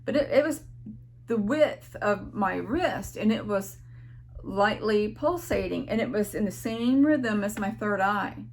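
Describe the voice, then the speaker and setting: A woman's voice: mid-range voice, expressive, measured pace. A woman casually telling an earnest, emotional personal story in a rambling way, near tears at times, speaking at home. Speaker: spiritual vlogger.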